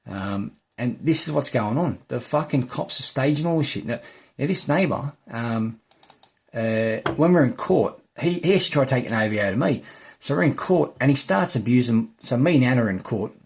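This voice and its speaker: A man's voice: mid-range voice, lively intonation, normal speed, creaky, slightly rough. An Australian man in an angry, heated rant, swearing heavily and restarting his sentences often. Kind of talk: angry ranting monologue.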